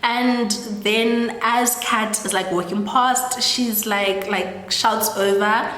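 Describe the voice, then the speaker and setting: A South African woman takes her time, her medium-pitched voice steady and a little bright. Hosting a storytelling piece, she casually recaps events, chats along with plenty of "like," and voices the characters' lines herself. Long reverb from an echoey room surrounds her.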